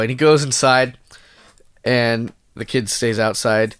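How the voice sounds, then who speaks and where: A man's voice: mid-range voice, unhurried, clean tone, no room sound, studio quality. A man co-hosting a podcast on a headset mic, telling stories animatedly in casual chat and laughing often. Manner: animated storyteller, laughs a lot. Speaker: podcast co-host.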